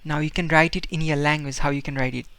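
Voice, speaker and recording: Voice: medium pitch, fairly even intonation, quick pace, a bit bright, clear, resonant tone, dry recording. A language teacher giving a casual video lesson, patiently repeating each word several times to demonstrate its sound, with a loose delivery full of fillers and restarts.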